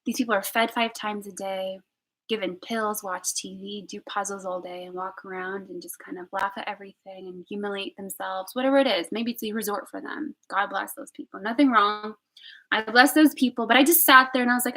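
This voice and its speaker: A young woman telling a personal story on a live stream, candid and emotional, swinging between loud outbursts and hushed whispers. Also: medium pitch, brisk, rough recording. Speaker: vlogger.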